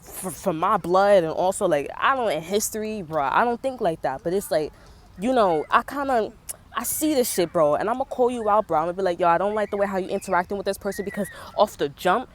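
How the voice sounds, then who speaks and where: A woman's voice: medium pitch, lively intonation, normal speed. A pregnant young woman venting in a profane, fired-up casual monologue full of street slang. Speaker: vlogger.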